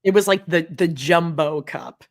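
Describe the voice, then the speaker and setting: A woman co-hosting a casual gossip podcast, reacting drily with quick remarks. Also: sits low. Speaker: podcast co-host.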